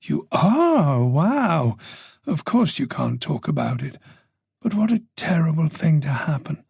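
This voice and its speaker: A man's voice: on the high side, big pitch swings, unhurried, vocal fry, darkish tone, breathy edge, dry recording, clean studio sound, full character voice. A man voicing a chatty, nosy older village woman with a faint Dublin Irish accent. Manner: gossipy, nosy, playful.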